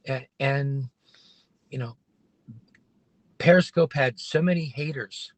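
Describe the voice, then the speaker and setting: A man's voice: mid-range voice, takes it slowly, no room sound. A man hosting a casual livestream from his parked car, rambling and opinionated with many restarts. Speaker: livestream host.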